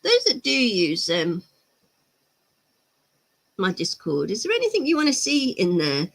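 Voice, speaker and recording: A woman's voice: medium pitch, huge pitch swings, unhurried, vocal fry. A woman hosting a miniature-painting livestream, chatting casually, laughing easily and answering chat comments. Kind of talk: casual live-stream chat.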